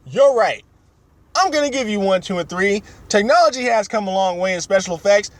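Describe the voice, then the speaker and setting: A man's voice: sits high, expressive, a little fast, dry recording, voice pushed up. A man imitating a famous older film director who announces earnestly that he is giving in.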